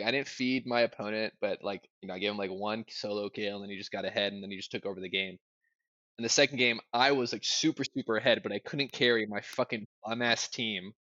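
Animated swearing young man telling a story. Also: lowish voice, no room sound, highs cut off. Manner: animated, swears a lot, fillers like "like", bursts into loud yelling when reenacting. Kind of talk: casual storytelling chat.

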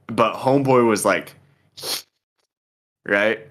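A man's voice: on the low side, slow pace, a bit bright. Laid-back young man telling a story. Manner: laid-back, swears a lot, laughs often. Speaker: podcast co-host telling a story. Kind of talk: casual storytelling chat.

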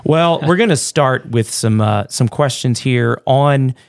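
A man who is a pastor, co-hosting a church podcast in relaxed, joking chat with many fillers and restarts. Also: medium pitch, measured pace, no echo, studio quality. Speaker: pastor, co-host.

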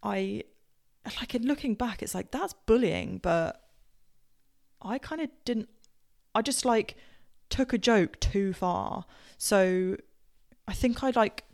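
A woman's voice: medium pitch, animated, takes it slowly, gravelly, a little mellow. Rambling posh-accented English woman. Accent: posh southern English. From Southampton, England. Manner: rambling, with many fillers and self-corrections. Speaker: podcast host. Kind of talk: casual personal storytelling.

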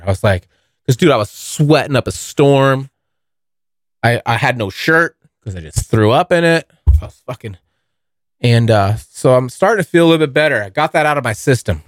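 A man's voice: medium pitch, dry recording, clean studio sound. A young man hosting his own podcast, telling a long story in a rambling, casual way, swearing often and calling listeners dude. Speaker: podcast host.

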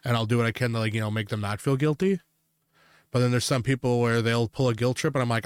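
A man's voice: medium pitch, fairly even intonation, quick pace, clean tone, dry recording. A young man co-hosting a podcast, in casual chat, joking, laughing often and swearing freely. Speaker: podcast co-host.

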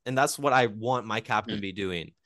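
A man's voice: fairly low pitch, a little fast, a bit bright, no echo, clean studio sound. A man co-hosting a hockey podcast, steering the casual chat and putting questions to the others. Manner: leads the discussion, asks the others questions. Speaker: podcast co-host.

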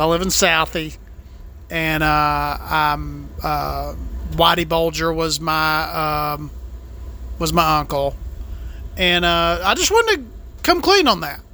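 A man with a high, bright voice that has a gravelly edge, doing a put-on Southern accent. He delivers an in-character comedy monologue as a podcast host, rambling and deadpan, stalling on "uh" and "you know.". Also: a little hiss or hum. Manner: rambling, deadpan, full of "uh" fillers.

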